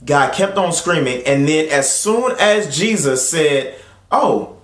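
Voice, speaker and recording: A man hosting his own channel, reading scripture and then preaching in a casual, conversational way, jumping up in pitch when he acts out other voices. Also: lively intonation, unhurried, a bit bright, reverberant. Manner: rises in pitch to act out crowd voices; conversational, with fillers and restarts. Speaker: host and preacher.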